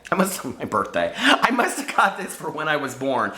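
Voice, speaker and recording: A giggly, nostalgic man gushes about childhood favorites in casual chat to camera. His voice is bright and very lively, swinging up and down. The room around him is echoey. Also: fairly high pitch, normal speed. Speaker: book vlogger.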